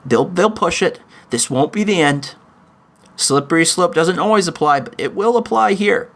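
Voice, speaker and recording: A man hosting his own podcast, delivering an emotional, pleading opinion monologue with frequent halting restarts. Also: sits high, lively intonation, a bit bright. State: in chronic pain. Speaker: podcast host.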